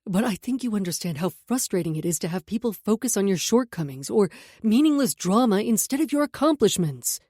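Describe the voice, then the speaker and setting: A woman narrator voicing a steady, persuasive man who speaks low, calm and commanding in an audiobook. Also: fairly quick, breathy edge, no echo, clean studio sound.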